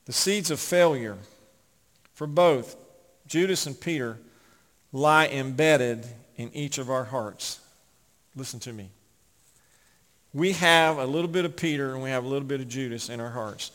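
A man's voice: mid-range voice, a little slow, long pauses. Man preaching with big swings in volume. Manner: swings from loud emphatic peaks to hushed asides. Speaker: pastor. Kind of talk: sermon. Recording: long hall reverb.

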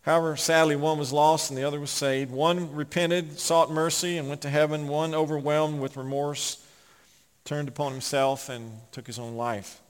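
A man preaching a sermon, swinging from loud emphatic peaks to hushed asides. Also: on the high side, level tone, normal speed, clean tone. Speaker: pastor. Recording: long hall reverb.

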